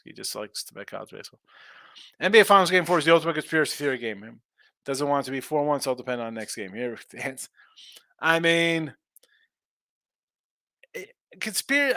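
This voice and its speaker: A man's voice: medium pitch, sharp tone, no room sound, studio quality. A man hosting a sports betting show, chatting casually and sarcastically while reading viewer comments. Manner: brash, fast-talking, sarcastic. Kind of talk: casual live-stream talk, reading chat.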